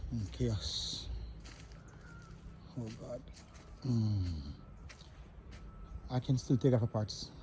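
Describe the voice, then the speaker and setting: A man's voice: medium pitch, heavy background noise. A man walking through a storm-wrecked truck yard outdoors, filming on a phone and narrating the damage in grief-stricken exclamations, often repeating himself. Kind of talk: handheld walkthrough narration.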